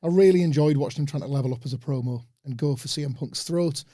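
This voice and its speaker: A man co-hosting a podcast, giving relaxed, opinionated analysis of a wrestling show. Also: on the high side, quick pace, no room sound, clean studio sound. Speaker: podcast co-host.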